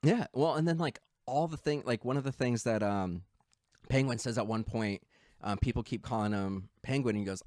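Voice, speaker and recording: A man co-hosting a podcast, retelling a film in animated casual chat and acting out its lines. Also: mid-range voice, moderate pace, no room sound, studio quality. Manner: animated storytelling, acts out quotes. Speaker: podcast co-host.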